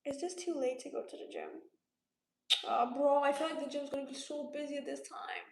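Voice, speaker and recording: Chatty high-voiced Romanian-born woman streamer. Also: huge pitch swings, fairly quick, a little mellow, reverberant. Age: 20s. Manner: laid-back, chatty, reads comments aloud and answers them. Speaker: livestream host. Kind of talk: casual livestream chat reading viewer comments.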